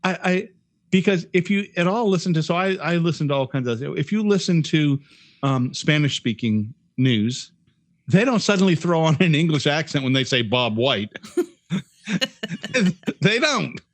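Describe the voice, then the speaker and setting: Podcast guy, kinda high voice, swings up and down a lot, blunt and sweary, keeps stammering and restarting. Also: sing-song, moderate pace, no room sound. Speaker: podcast co-host. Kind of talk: casual chat.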